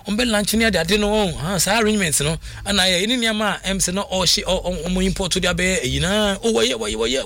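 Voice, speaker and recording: Bright-voiced sports talk man. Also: high voice, creaky, no echo. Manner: animated, mixes Twi and English, halting restarts. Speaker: sports radio pundit. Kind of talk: sports talk radio chat.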